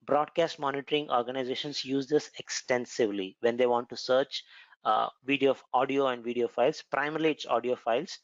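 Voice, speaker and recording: A man's voice: mid-range voice, fairly even intonation, a little fast, dry recording. Man with an Indian accent teaching. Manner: conversational, repeats words, frequent "uh" fillers. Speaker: cloud computing instructor. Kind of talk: explanatory tutorial lecture. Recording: dull, lo-fi, dry sound.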